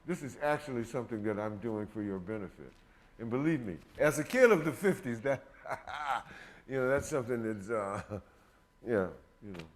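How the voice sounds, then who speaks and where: Older man hosting with a lively, joking voice. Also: medium pitch, moderate pace. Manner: rambling, joking, laughs often. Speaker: host. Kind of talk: casual chat.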